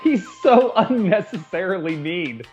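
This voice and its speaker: A man co-hosting a movie review podcast, talking in an animated, profane, joking way. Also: sits high, a little slow, dull audio, soft background music. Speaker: podcast co-host. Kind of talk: casual movie review chat.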